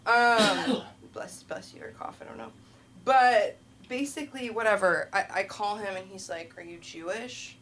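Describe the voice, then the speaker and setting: A woman hosts an open mic from a club stage, telling a story in a chatty, laughing way and playing both sides of each exchange. Her speaking voice sits at an ordinary pitch for a woman. A faint hiss of room noise runs behind her on the stage mic. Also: measured pace, fairly bright tone. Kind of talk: stand-up comedy hosting.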